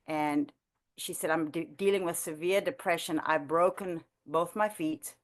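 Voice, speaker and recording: A woman sharing a personal prayer testimony in an earnest, halting way, with frequent restarts and light laughter. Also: deep voice. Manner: halting, with many restarts and fillers. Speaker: ministry trainee sharing a testimony. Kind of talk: conversational testimony.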